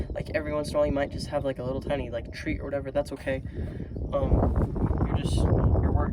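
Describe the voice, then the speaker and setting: A man giving a casual, earnest motivational talk to camera, rambling with many fillers and restarts. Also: mid-range voice. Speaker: self-improvement vlogger. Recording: loud vehicle noise behind.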